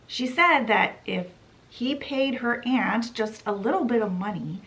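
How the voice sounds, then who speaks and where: Chatty, unhurried woman retelling a story. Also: on the high side, animated, a bit bright, poor audio. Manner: chatty, playful, with dramatic asides. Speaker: book channel host. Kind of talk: casual story summary.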